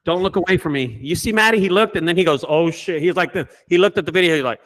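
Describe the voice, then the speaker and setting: A man who owns a junk removal business, telling stories in a casual group call with lots of swearing and animated delivery. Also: high voice, racing. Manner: profane, animated storyteller.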